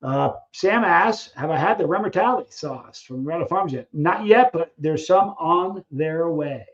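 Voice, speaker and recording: A man's voice: on the high side, lively intonation, unhurried, lo-fi sound. A man hosting a casual live stream, chatting loosely with viewers, reading out their questions and trailing off while he searches for names.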